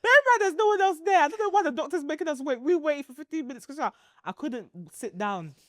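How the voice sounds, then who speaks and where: A high-voiced woman, chatting on a podcast and recounting a story with lots of laughter. Her voice sounds close and dry, with no room sound around it. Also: fast talker, dry recording. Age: 30s. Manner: animated, laughs often while telling a story. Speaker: podcast co-host. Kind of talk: casual storytelling chat.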